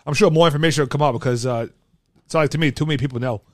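A man's voice: a little high, very fast, no room sound, studio quality. Rambling man telling a travel story. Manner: rambling storyteller with many restarts and fillers. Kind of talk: casual chat.

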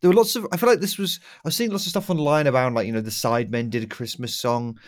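A man's voice: mid-range voice, steady tone, fast. A man co-hosting a podcast in casual chat, teasing and laughing, with some swearing. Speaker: podcast co-host.

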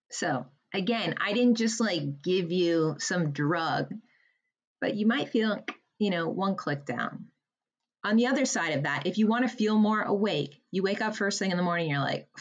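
Brief: woman, lower-pitched, energetic coach explaining breathing, emphatic and chatty. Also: a little slow, lo-fi sound. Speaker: breathwork guest. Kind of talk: podcast conversation, guided breathing.

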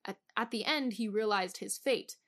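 A woman's voice: mid-range voice, a bit bright. A woman co-hosting a casual book podcast, chatty and wry, with lots of "like" and "um". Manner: chatty and wry, many "like" and "um" fillers, quick laughs. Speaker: podcast co-host.

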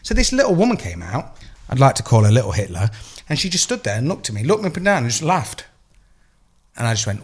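A man's voice: mid-range voice, rapid-fire. Sweary English man telling stories. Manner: swears a lot, animated storytelling. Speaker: podcast co-host. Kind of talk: casual chat.

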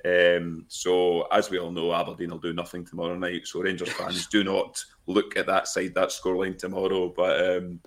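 A man's voice: low voice, monotone, normal speed, hardly any pauses. A man co-hosting a casual podcast chat in a matter-of-fact way. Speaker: podcast co-host.

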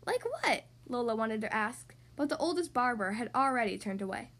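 Woman, storybook narration, high-pitched, expressive, clear. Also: fairly quick. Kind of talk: storybook read-aloud.

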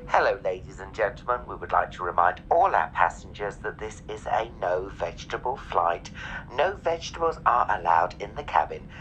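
A man's voice: deep voice, a bit bright, a little hiss or hum, pitched below the performer's own voice, low-quality recording. A man putting on the voice of an irreverent airline captain, making mock-formal cabin announcements that turn crude.

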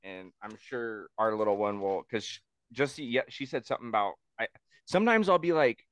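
A man's voice: medium pitch, brisk, fairly bright tone, clear, resonant tone, no echo. A man co-hosting a podcast, rambling and swearing with lots of fillers. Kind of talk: casual podcast chat.

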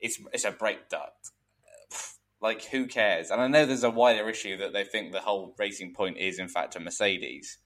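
A man co-hosting a podcast, talking in a relaxed, rambling way. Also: fairly low pitch. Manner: relaxed, rambling, many fillers. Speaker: podcast co-host. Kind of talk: casual chat.

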